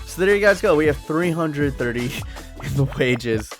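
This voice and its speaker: Hyped gamer guy narrating his match, high voice all over the place, music in the background. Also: normal speed. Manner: excitable, jumps between low mutters and high yelps. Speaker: gaming video host. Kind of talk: casual gameplay commentary.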